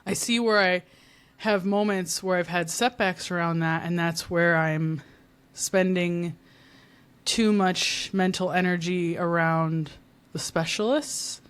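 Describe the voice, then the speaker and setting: Chatty woman guest, quick to laugh. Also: fairly low pitch, fairly even intonation, clear, resonant tone. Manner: friendly, laughs often, tags "right?". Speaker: podcast guest. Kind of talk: casual conversation.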